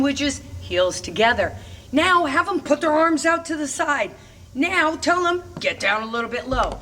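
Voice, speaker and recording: A middle-aged woman's higher, slightly bright voice comes from a distance, with a bit of hiss or hum, as she instructs parents at a roller rink on teaching kids to skate. She's upbeat and emphatic, bursting into chanted cheers.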